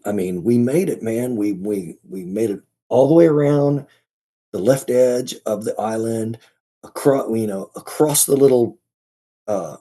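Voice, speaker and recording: A man as a podcast guest, telling a story in a casual, halting way, often restarting and repeating his words. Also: lowish voice, mellow, breathy edge.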